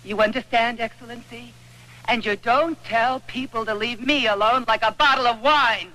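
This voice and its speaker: A woman's voice: on the high side, steady tone, moderate pace, bright, forceful tone, poor audio. Fiery young Italian woman. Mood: defiant. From Italy. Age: young adult. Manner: defiant, broken English.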